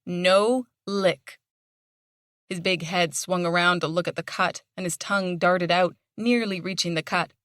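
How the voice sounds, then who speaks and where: A woman narrating an audiobook in a measured, storytelling manner. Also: on the low side, steady tone, a bit bright, no room sound, clean studio sound. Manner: measured storytelling with dramatic tension. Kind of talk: scripted narration.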